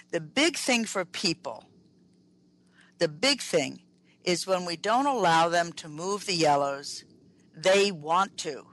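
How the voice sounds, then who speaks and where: An emphatic trainer giving a lecture over the radio, with a mid-pitched voice. The speaker leans on repeated phrases and talks straight to the audience. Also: a bit bright, low-quality recording. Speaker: workplace improvement trainer on a radio talk show. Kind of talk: lecture-style radio talk.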